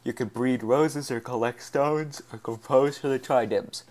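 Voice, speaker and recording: A man's voice: medium pitch, fairly even intonation, a little slow, a little mellow, voice pushed up, close to an everyday voice. A man reading the part of a troubled young woman in an audiobook, with a trembling, scornful delivery. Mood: bitter.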